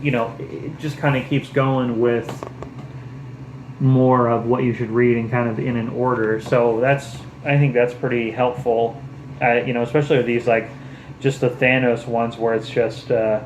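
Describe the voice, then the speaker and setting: A man's voice: mid-range voice, level tone, moderate pace, echoey room, slight background noise, low-quality recording. A man chatting casually about books he picked up, enthusiastic and rambling, with lots of fillers. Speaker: book vlogger. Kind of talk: casual show-and-tell chat.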